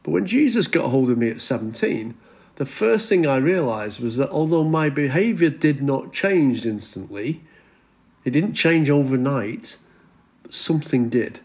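A middle-aged male pastor preaching a sermon in an earnest manner, slowing down to stress scripture. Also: medium pitch, animated, darkish tone. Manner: earnest, slows down for emphasis when reading scripture.

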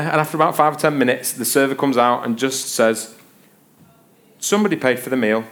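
A middle-aged man preaching a sermon, telling a self-mocking story with playful humor before teaching from a Bible passage. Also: mid-range voice.

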